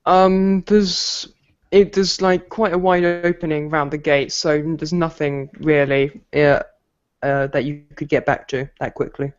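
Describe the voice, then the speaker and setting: A man running a tabletop game as game master, relaxed and hesitant with many fillers. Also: fairly high pitch, measured pace, smooth. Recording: dull lo-fi home recording.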